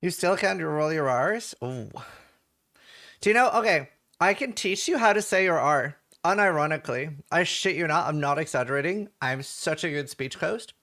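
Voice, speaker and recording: Reading patch notes and viewer comments on his stream, the young man from Norway rambles casually in his Norwegian accent. His somewhat high voice is animated and comes across pushed and bright, at a moderate speed.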